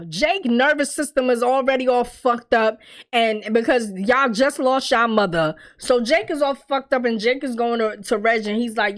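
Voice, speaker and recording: A woman's voice: sits high, sing-song, measured pace, fairly bright tone. A woman hosting a casual TV episode recap, talking straight to her viewers in an emphatic, exasperated way and swearing freely.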